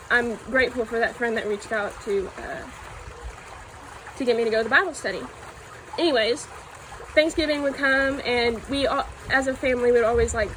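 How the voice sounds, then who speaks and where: Earnest woman, a touch high-pitched, telling her faith testimony haltingly, with a soft water trickle behind. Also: a little hiss or hum, low-quality recording. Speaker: church youth member giving testimony. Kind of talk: personal testimony.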